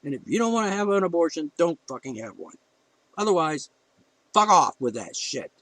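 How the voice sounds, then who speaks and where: A man's voice: a little high, sing-song, normal speed, fairly bright tone, no room sound, low-quality recording. A man ranting in a blunt, heated opinion monologue as a podcast host, cursing freely and getting emotional.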